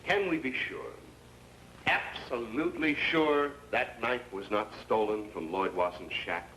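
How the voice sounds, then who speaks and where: An actor playing a confident defense lawyer making his closing argument, with measured, rhetorical questions. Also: fairly low pitch, pushed and bright, slight background noise, poor audio. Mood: persuasive. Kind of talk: 1960s TV courtroom drama.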